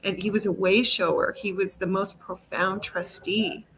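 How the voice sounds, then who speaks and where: A woman's voice: medium pitch, fairly even intonation, normal speed, fairly bright tone, slight background noise, poor audio. A woman speaking fervently and with heartfelt feeling in a spiritual talk-show conversation over a video call, blunt at times. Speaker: co-host.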